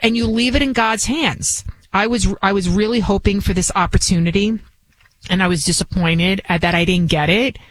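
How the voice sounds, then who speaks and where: A woman's voice: mid-range voice, normal speed, low-quality recording. A woman with a Bronx accent, whose first language was not English, guest-hosting a talk radio show in a chatty, rambling, emphatic way. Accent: New York, Bronx. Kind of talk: conversational talk radio monologue.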